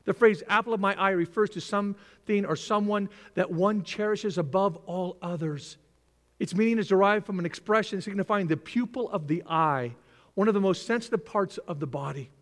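Brief: older male pastor, high bright lively voice, dramatic sermon delivery, heard with long reverb in a large hall. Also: normal speed. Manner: animated, dramatic, acts out voices, drops to near whispers.

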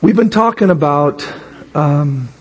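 A man with a raspy, hoarse voice preaches from the pulpit, and his pitch sits high for a man. His words ring out with long reverb in a church hall. He pushes toward shouting at the climaxes. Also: lively intonation, takes it slowly, highs cut off. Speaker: pastor. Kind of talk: sermon.

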